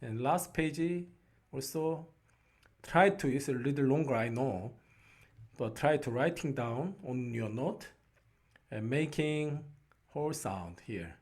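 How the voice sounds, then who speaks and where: A man with a Korean accent teaching a beginner lesson, speaking slowly and patiently and often checking in with "right?". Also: mid-range voice, darkish tone. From South Korea. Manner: slow, patient, repeats "right?" to check on learners.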